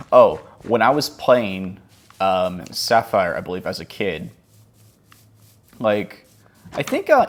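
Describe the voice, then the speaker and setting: Rambling man around thirty, lively pitch. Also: slight background noise. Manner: rambling, self-mocking, swings from mumbles to yelps. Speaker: gaming vlogger. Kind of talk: casual chat over gameplay.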